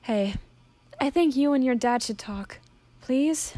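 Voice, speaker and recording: A woman's voice: high voice, slow pace, dry recording, pitched above the performer's own voice. A woman voicing a kind, reassuring young demon princess. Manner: reassuring, gently pleading.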